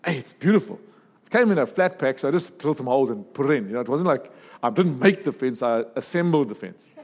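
A man preaching a sermon in a lively, humorous way, with asides and jokes. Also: medium pitch, fast talker, big-room sound.

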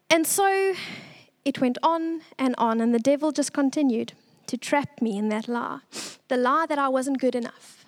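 A young woman giving an earnest, tearful church testimony, pausing often. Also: high voice.

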